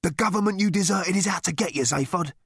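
A man's voice: high voice, quick pace, gravelly, a bit bright, husky, no echo, studio quality, voice pushed up, heavily acted. Man doing a clipped, urgent stranger. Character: short, weather-beaten, urgent man on the run.

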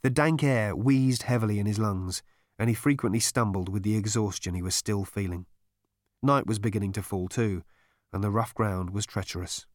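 A man giving an expressive storybook narration with a wry, animated, theatrical delivery. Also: fairly low pitch, moderate pace, no echo, studio quality. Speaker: audiobook narrator.

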